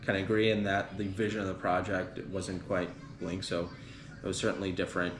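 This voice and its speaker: Low voiced podcast guy rambling on, lots of ums, echoey room, noisy background. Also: completely flat delivery, a little fast. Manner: rambling, many fillers, retelling band history. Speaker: podcast host. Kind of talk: casual podcast chat.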